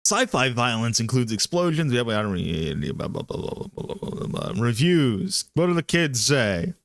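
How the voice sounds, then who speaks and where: A man's voice: medium pitch, sing-song, moderate pace, gravelly, no echo. A man co-hosting a podcast in casual chat who laughs often, swears and reads reviews aloud. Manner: laughs often, profane, drifts into dropped tones. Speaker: podcast co-host.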